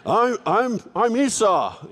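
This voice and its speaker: A man voicing a young scheming son in a high, whiny voice. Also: big pitch swings, slow, fairly bright tone, heavily acted. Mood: nervous. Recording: reverberant hall.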